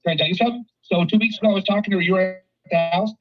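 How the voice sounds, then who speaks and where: A man talking excitedly on a recorded phone call, quick and informal. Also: high voice. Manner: animated and excitable. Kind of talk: casual phone conversation.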